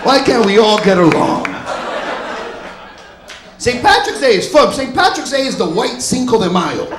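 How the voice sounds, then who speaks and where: A male stand-up comedian telling stories in a loud, punchy way on a club stage. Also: extremely high pitch. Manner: loud, punchy storytelling, often laughing. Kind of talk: stand-up set. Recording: echoey club room.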